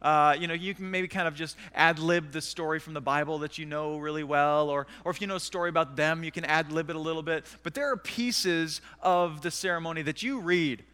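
A man preaches from the stage of a church sanctuary, telling self-mocking stories with lively energy. His voice sits high and sounds smooth and clear. A long reverb from the hall trails behind each phrase. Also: brisk, hardly any pauses. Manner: animated, self-deprecating storyteller. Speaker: pastor. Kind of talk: sermon storytelling.

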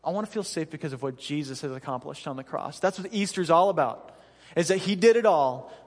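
Thirtysomething pastor guy, pretty high voice, self-deprecating storytelling sermon, big church hall echo. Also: expressive, a little fast. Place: church stage.

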